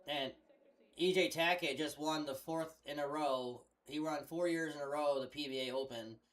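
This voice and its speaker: A man's voice: a little high, steady tone, normal speed, a bit bright. A young man chatting casually on a headset mic, telling a long rambling story full of swearing. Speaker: streamer. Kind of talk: casual chat.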